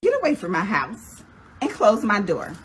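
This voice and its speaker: A woman argues at her door, exasperated and indignant, her somewhat high pitch jumping around. A faint background hiss sits under the phone-video sound. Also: wildly swooping pitch, moderate pace. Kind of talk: heated doorstep argument.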